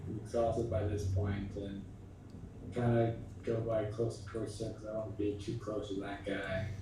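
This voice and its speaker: A man's voice: on the low side, flat delivery, normal speed, noisy background. A man playing a tabletop game, talking hesitantly and leaning on filler words. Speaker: player. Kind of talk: tabletop role-play chat. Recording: echoey room, far from the mic.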